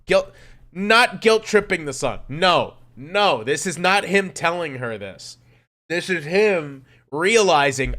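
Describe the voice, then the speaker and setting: A man streaming casually, rambling and cursing often, with sudden jumps from mumbling to loud outbursts. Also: fairly high pitch, takes it slowly. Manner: rambling, profane, animated swings in loudness. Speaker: streamer reacting to music. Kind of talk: casual chat.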